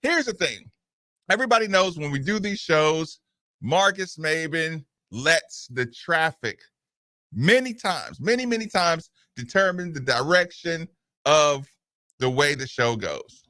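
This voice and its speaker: Brief: male radio host, animated rambling storyteller, bright forceful tone, dry studio sound. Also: a little high, measured pace, no echo. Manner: animated, digressive, breaks into voices of others. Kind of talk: casual talk-show storytelling.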